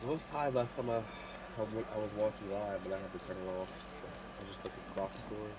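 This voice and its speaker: A man's voice: on the low side, fairly quick, noisy background. Man with a stuffy nasal voice. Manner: rambling, thinks aloud with fillers. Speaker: podcast co-host. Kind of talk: casual mock draft chat.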